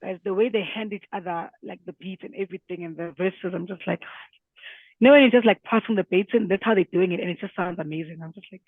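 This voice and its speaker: A man's voice: sits high, no room sound. A man co-hosting a music podcast, chatting casually and with enthusiasm. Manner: animated, fast, enthusiastic. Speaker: podcast co-host. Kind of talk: casual chat. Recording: tinny phone-like sound.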